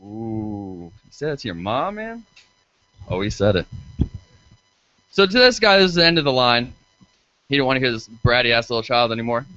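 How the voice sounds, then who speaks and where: A man's voice: mid-range voice, animated, quick pace, pushed and bright, no echo. Profane stand-up man, dry lo-fi sound. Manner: crude, profane, self-deprecating banter with the crowd. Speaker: stand-up comedian and radio show host. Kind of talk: live stand-up set. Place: bar stage in front of a live crowd. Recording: dull lo-fi live stream audio.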